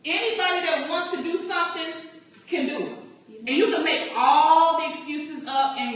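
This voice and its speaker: A woman's voice: sits high, moderate pace, fairly bright tone. A woman life coach giving a direct, encouraging motivational talk to a group. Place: meeting room. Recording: echoey room, distant from mic.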